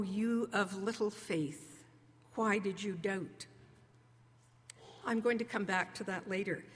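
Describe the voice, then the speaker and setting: A woman preacher giving a sermon in an earnest, conversational way, slowing down to stress key words. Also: on the high side, a bit bright. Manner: earnest, conversational preaching with slow emphatic pauses. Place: church sanctuary. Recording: long reverb of a large hall.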